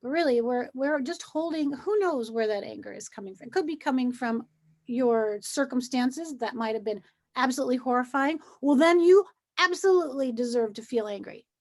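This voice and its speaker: A woman co-hosting a casual talk on feelings, reflective and slowing down on key points. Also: high-pitched, animated, a little mellow. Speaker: podcast co-host. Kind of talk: casual conversation.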